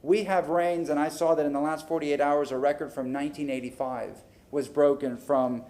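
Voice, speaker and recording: Fairly high in pitch and fairly quick, a male council member lets out his frustrations at a public meeting. Speaking into the desk microphone of the council chamber, he animatedly dramatizes conversations.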